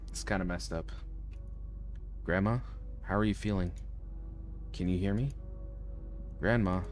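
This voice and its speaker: A man's voice: low-pitched, fairly even intonation, slow pace, pauses often, soft background music. A man streaming a horror game, reading its lines aloud with joking asides. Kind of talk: casual let's-play commentary.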